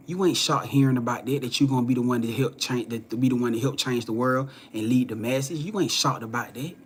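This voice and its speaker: A young man tells a story to his viewers in a relaxed, conversational way, acting out the voices of the people in it. His voice sits at a middle pitch and moves between loud, lively moments and low, hushed ones. Faint noise sits under the recording. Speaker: spiritual reader and host. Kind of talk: casual storytelling to a live audience.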